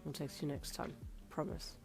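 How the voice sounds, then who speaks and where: A woman voicing a drunk young man who slurs and mumbles softly, sheepish, in a fan fiction audio story. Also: moderate pace, soft background music, lightly acted. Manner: slurred, mumbling, low and soft. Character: drunk slurring young male boyfriend, sheepish.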